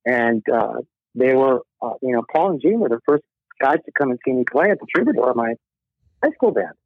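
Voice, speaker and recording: A man's voice: mid-range voice, expressive, a little fast, slight background noise. A middle-aged man, a rock musician guest, telling stories in a casual interview, acting out quotes and laughing often. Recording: tinny dry phone line.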